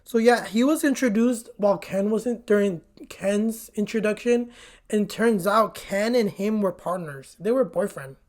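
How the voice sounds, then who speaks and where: A woman's voice: mid-range voice, measured pace, darkish tone. A woman vlogger giving a casual movie recap in a chatty, blunt way, swearing freely and peppering her talk with "like". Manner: chatty and blunt, swears often, says "like" a lot.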